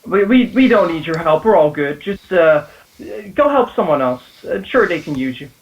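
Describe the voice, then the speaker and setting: A nervous village father who keeps stammering and trying to turn visitors away, as a game master puts him on. The voice sits high and tight, and it sounds dull, as if caught from a distance. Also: sing-song, moderate pace. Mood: defensive. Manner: stammering, defensive, evasive. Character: nervous protective village father, middle-aged man.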